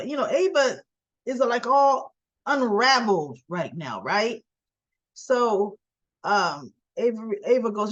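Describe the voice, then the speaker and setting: A woman recapping a soap opera episode in a casual, animated, colloquial manner. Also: medium pitch, a little slow. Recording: dull dry sound.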